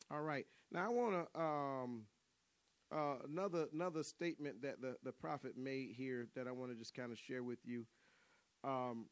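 A man's voice: medium pitch, dry recording. A man preaching a sermon, telling stories, repeating and restarting his words and calling out to the congregation.

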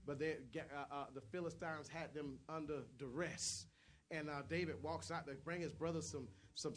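A man. He tells Bible stories by acting out each figure's voice and swings from quiet talk to loud shouting. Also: fairly high pitch. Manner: storytelling preacher who acts out the voices of Bible figures, builds to shouts. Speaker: preacher. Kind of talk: sermon.

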